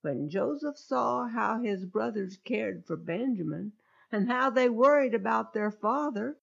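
A woman narrating a children's Bible story with an expressive, exclamatory manner, ending in a gospel appeal, on a dull lo-fi recording. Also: medium pitch, vocal fry.

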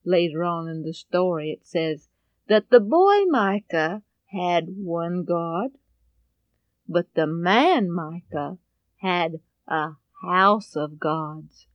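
Slow, expressive woman storyteller. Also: on the low side, dry recording, muffled recording. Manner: expressive, swings between loud and hushed. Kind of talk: dramatic Bible storytelling.

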